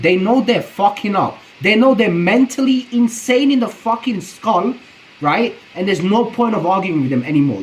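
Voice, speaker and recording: A man's voice: high voice, slight background noise, poor audio. A man streaming his reaction to a video, talking in a rambling, profane, slang-heavy way. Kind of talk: casual reaction commentary.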